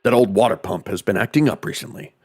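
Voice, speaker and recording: A man voicing a worried mother in a gruff, clipped military colonel voice. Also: fairly low pitch, fast talker, a little mellow, pitched below the performer's own voice. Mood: reassuring.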